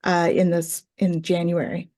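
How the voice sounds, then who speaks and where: A woman's voice: on the low side, flat delivery, a little slow, warm tone. A woman who teaches Reiki tells a personal story in casual chat, acting out quoted voices and laughing often.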